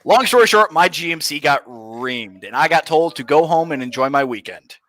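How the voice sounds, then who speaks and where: A man's voice: on the high side, expressive, normal speed, fairly bright tone, no room sound. A young man, a guest, telling profane stories in loose casual chat. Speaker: podcast guest.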